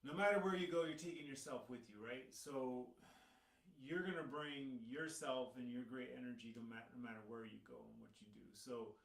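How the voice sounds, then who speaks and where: A man's voice: medium pitch, normal speed, gravelly, recorded from a distance. A man co-hosting a live stream, joking and telling stories casually. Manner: playful, jokey storyteller. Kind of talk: casual chat. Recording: echoey room, away from mic.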